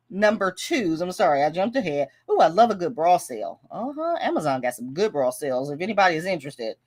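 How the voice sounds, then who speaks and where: A woman hosting a casual budgeting livestream, chatting, laughing and reading viewer comments aloud. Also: medium pitch. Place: home livestream.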